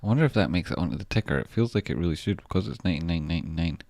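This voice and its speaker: Low-voiced Scottish man chatting on a livestream. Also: animated, racing, vocal fry, darkish tone, no room sound. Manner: chatty, swears freely, effusive with thanks. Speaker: stock trading livestreamer. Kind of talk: casual livestream chat, reading viewer messages.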